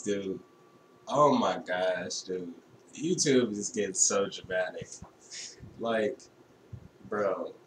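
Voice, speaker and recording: A man's voice: low voice, fairly bright tone, reverberant, distant mic, slight background noise, poor audio. A man hosting a reaction video, casual and profane, saying dude a lot. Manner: laid-back, profane, says dude a lot.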